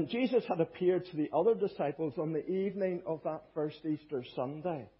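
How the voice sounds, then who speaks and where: A man's voice: fairly high pitch, normal speed, husky. A man preaching a sermon in an earnest, emphatic way, with small hesitations as he works through a Bible passage. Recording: dull lo-fi podcast recording.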